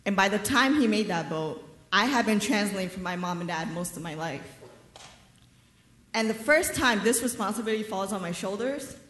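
A woman in her thirties from New York telling a personal story on a theater stage, measured and wryly funny. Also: medium pitch, expressive, fairly bright tone. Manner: wry, measured storytelling with dry humor. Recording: roomy theater reverb.

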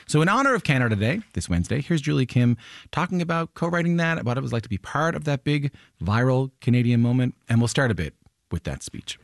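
A man hosting a radio show, reading intros and asking friendly, animated follow-up questions. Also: medium pitch, dry recording. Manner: friendly, animated, asks short follow-ups. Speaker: radio host. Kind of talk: radio interview and scripted intro. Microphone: studio microphone.

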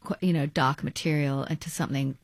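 An actress from Australia, talking in a halting, searching way as a guest in an interview. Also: female voice, low voice, fairly even intonation, no room sound, clean studio sound. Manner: halting, searching for words, many restarts. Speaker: stage and screen actress, guest. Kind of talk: casual interview chat.

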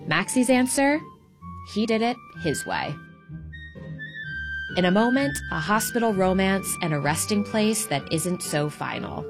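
A woman hosting a storytelling radio show, reading a calm, measured script. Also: mid-range voice. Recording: studio voice-over with music bed.

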